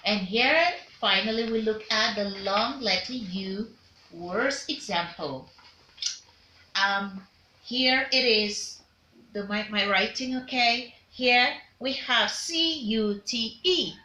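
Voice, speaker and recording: A woman's voice: fairly high pitch, slow, pushed and bright, reverberant. A woman teaching a pronunciation lesson, drilling vowel sounds and having learners repeat words back to her. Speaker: diction teacher. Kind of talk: pronunciation lesson, call and response.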